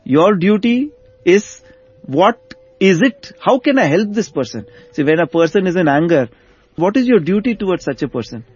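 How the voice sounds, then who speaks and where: A man with a notably high, husky voice tells a devotional story with animated delivery, circling back over key phrases. The recording sounds dull and lo-fi, with faint music beneath. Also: moderate pace. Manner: animated, repeats phrases for emphasis. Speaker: guest storyteller.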